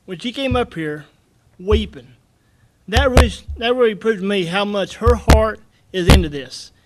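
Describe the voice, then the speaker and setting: Earnest man with a high voice. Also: expressive, heavy background noise. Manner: earnest, repetitive, halting. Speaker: public commenter. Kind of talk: public comment at a county meeting. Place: county commission meeting room.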